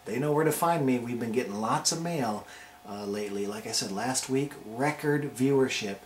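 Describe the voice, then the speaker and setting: A man of middling pitch hosts a casual video review, pitching each name with playful hype. The room rings around his voice, with a faint hiss of noise underneath. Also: normal speed. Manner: hyped, playful ranking countdown delivery. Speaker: wrestling show reviewer and host. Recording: roomy echo with faint noise.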